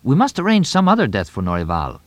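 A man's voice: mid-range voice, huge pitch swings, fast, dry recording, voice pushed up. A man voicing an anxious, practical young man who talks in earnest, insistent lines.

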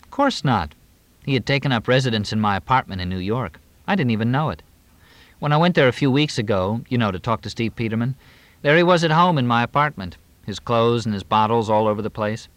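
Guy reading tired young actress, voice pitched up, very up and down, dry sound. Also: animated, a little fast, dry recording, close to an everyday voice. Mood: weary. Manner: raised, lighter tone. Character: young actress, weary and unhappy.

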